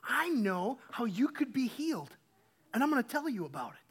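Male pastor, 30s, high light voice; chatty sermon with emphatic swells and halting restarts. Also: slightly rough. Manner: animated, swings from quiet to emphatic; halting, repeats words when restarting. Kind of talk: conversational sermon.

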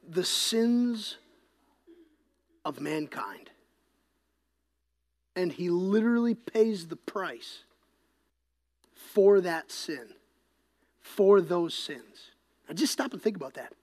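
A pastor preaching an impassioned sermon, swinging between loud emphasis and hushed, whispered passages. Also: medium pitch.

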